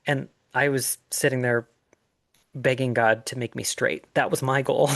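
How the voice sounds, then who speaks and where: A middle-aged man telling his own story in an earnest, reflective way, with pauses and fillers. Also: mid-range voice, steady tone, gravelly, fairly bright tone, no room sound, clean studio sound. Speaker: life coach sharing his story. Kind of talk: personal storytelling monologue.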